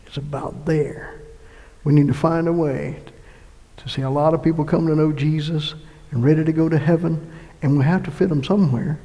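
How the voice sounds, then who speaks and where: A male pastor delivers a sermon in a church sanctuary, his high voice carrying a gravelly rasp. He shifts from loud emphatic swells down to quiet, hushed passages. His words echo with the long reverb of the room. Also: fairly even intonation, brisk. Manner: preaching with sudden loud swells and hushed drops.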